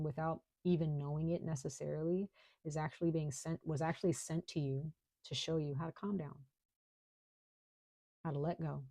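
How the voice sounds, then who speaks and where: A woman's voice: deep voice, vocal fry, warm tone, no echo. A woman giving a casual tarot reading in a chatty, reassuring way, full of fillers, at home. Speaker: tarot reader.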